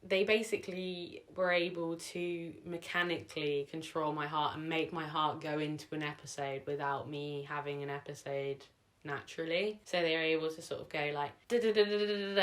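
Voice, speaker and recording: A young woman with a low voice tells a personal story at home. She rambles and leans on "like" and "sort of". She gets emotional and chokes up now and then. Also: fairly even intonation, moderate pace, fairly bright tone. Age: young adult. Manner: emotional, sometimes tearing up. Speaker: vlogger.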